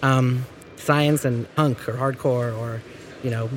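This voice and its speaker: A man's voice: mid-range voice, takes it slowly, slight background noise. A man who plays in a hardcore band, talking casually in an interview and acting out quotes with lots of filler words. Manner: animated storyteller, acts out quotes with many fillers. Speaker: touring musician in a hardcore band.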